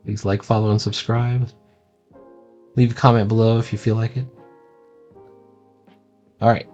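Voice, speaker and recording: Low-voiced man rambling through a sketchbook. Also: flat delivery, measured pace, darkish tone, highs cut off, soft background music. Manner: rambling and self-deprecating, with many fillers. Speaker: cartoonist showing his sketchbook. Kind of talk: casual sketchbook tour.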